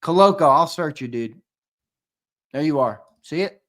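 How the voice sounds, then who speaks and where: Slow-talking playful male stream host. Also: animated. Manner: playful, teasing banter that swings between loud hyped countdowns and low mumbled asides. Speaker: show host running a live-stream giveaway. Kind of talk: casual live-stream chat with viewers.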